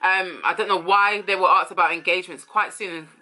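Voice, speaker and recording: A woman's voice: fairly low pitch, fairly even intonation, fairly quick, bright, forceful tone. A woman giving casual, opinionated commentary on a reality show, talking in a chatty way with many fillers. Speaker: reality TV reviewer.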